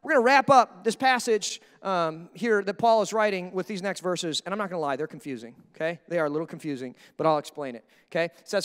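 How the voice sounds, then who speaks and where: A male pastor delivers a sermon in a lively, conversational way and keeps checking in with his listeners. His voice sits unusually high and sounds bright and forceful. His words ring with a long echo through the church hall. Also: fast talker, hardly any pauses, smooth. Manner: energetic, conversational preaching with frequent "right?" asides.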